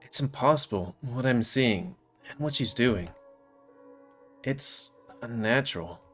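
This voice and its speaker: A man's voice: mid-range voice, animated, slow pace, a bit bright, soft background music. A man reading a visual novel aloud in the first person, with offhand asides to viewers. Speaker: let's player.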